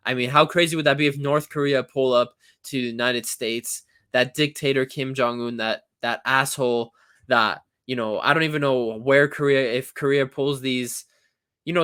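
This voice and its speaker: A man's voice: mid-range voice, fairly bright tone, clean tone. A young man giving a casual, opinionated football recap, chatting in a rambling way with frequent restarts. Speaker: football channel host.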